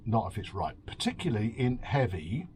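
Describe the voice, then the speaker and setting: This man's voice sits on the low side, with a sing-song lilt, an unhurried pace and a faint hiss or hum. He's hosting a drunken, rambling review at home over beer, reading an article aloud and mocking it with sighs, swearing and sarcasm.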